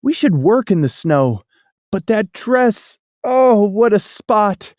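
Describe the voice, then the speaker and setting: A storybook narrator with a lively, sing-song voice that rises and falls widely through the rhymes. The pace is slow and deliberate. The sound is close and dry. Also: mid-range voice, no echo. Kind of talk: storybook read-aloud.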